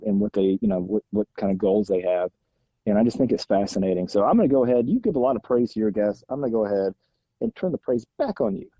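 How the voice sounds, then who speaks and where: A man's voice: fairly low pitch, mellow, slightly rough, no room sound, dull audio. A man with a Southern American accent, a podcast guest talking enthusiastically and joking over a call. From Alabama, United States. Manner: enthusiastic, joking, interrupts with teasing bursts. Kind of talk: casual podcast chat. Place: outdoors on a walk, then at home.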